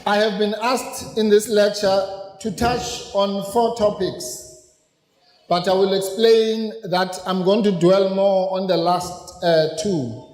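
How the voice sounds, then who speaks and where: A South African man giving a political lecture at a rally, rousing and then deliberate as he explains, slipping into Zulu phrases. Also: high-pitched, fairly even intonation, darkish tone. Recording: echoey hall with long reverb.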